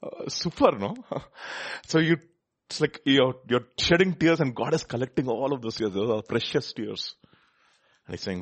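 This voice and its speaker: A man's voice: medium pitch, normal speed, breathy edge. A man preaching a sermon, reading scripture aloud, asking his listeners questions and laughing often.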